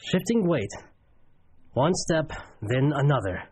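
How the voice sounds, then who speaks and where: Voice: mid-range voice, very animated, slow, darkish tone. Actor voicing an eerie circus showman for an audio drama; sing-song, chanting lines, faint hiss behind. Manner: theatrical, chant-like. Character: eerie circus performer, theatrical and unsettling.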